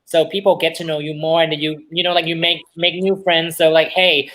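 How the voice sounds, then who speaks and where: A drag performer in casual chat, telling a pageant story and acting out other people's words loudly. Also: female voice, low voice, a little fast, rough recording. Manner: animated storyteller, acts out quotes loudly. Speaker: drag pageant queen guest.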